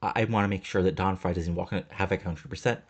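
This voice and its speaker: A man's voice: low voice, steady tone, fast, slightly rough. A man voicing a scheming male wrestling manager who talks in a pushy, scornful way.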